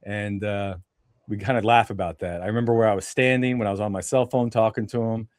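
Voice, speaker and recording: A man's voice: on the low side, fairly even intonation, fast talker, dry recording. Chatty male podcast host, dry sound. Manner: conversational, chatty, with frequent "you know" fillers. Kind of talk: podcast interview conversation.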